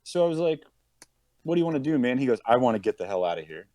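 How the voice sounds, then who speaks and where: This man talks fast, his medium-pitched voice free of echo, as he shares a story in casual conversation on a podcast where he is a guest. A police officer, he animatedly acts out the people involved, quoting them in character.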